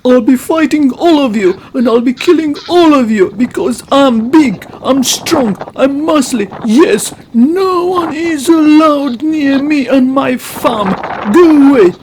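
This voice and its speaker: A woman doing a huge, boastful goose who bellows threats at everyone nearby. The voice is high and drawn out slowly, full of swagger, with a faint hiss in the background. It is a comic wildlife voice-over. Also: lively intonation, low-quality recording. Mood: aggressive. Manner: blustering, shouting threats. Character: huge boastful male goose, aggressive guard.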